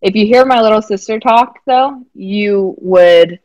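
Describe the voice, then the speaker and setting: A young woman from Alabama with a faint Southern accent softened toward the West Coast, chatting easily as an interview guest. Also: mid-range voice, measured pace, no room sound, poor audio. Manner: easygoing, chatty, laughs lightly. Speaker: guest, basketball player development director. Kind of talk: casual interview chat.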